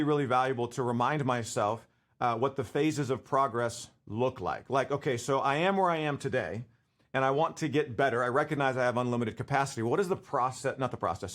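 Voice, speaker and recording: A man in his forties giving a casual leadership talk to camera, conversational and full of fillers and restarts. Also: medium pitch. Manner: conversational, full of fillers and restarts, laughs while telling stories.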